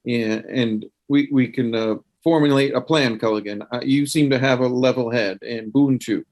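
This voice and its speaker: A man's voice: medium pitch, normal speed, a little mellow, highs cut off, lightly acted. A man voicing Rutherford, a paranoid professor who stammers and restarts his words in a tabletop role-play game. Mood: planning.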